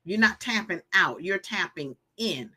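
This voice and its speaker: A woman's voice: on the low side, animated, a little slow, bright, forceful tone, slightly rough. A woman in her fifties hosting a live stream, emphatic and preachy, repeating her points and reading viewer comments aloud. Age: 50s. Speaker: live show host giving healing advice.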